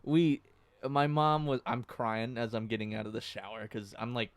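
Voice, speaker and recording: A man's voice: medium pitch, flat delivery, normal speed, clear, resonant tone. A young man co-hosting a podcast, casually telling a story and laughing between lines. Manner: laughs while telling stories. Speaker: podcast co-host. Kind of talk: casual chat.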